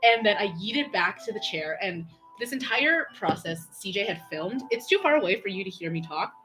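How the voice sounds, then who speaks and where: A young woman telling a long, excitable story on a painting stream, chatty and full of fillers and quoted dialogue. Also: medium pitch, normal speed, soft background music. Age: young adult.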